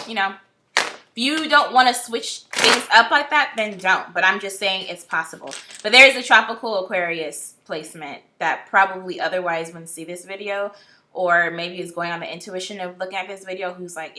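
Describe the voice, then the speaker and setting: A woman's voice: mid-range voice, moderate pace, a little hiss or hum. A woman reading tarot cards in a casual, blunt, talkative vlog style, often exasperated and swearing now and then. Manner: chatty, blunt, animated, swears. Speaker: tarot reader.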